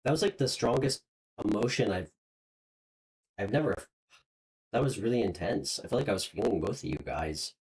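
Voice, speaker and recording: Lively, emotional woman reading tarot. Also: rumbling low, normal speed, long pauses, low-quality recording. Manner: emotional, openly moved, hesitant with many fillers; speaks warmly and directly to viewers. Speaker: tarot reader. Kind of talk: live-streamed tarot reading.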